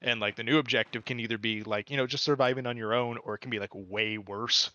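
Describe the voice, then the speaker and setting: A man's voice: mid-range voice, steady tone, quick pace, pushed and bright, no room sound. Casual streamer, male, rambly and filler-heavy, dull dry mic sound. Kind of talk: casual chat.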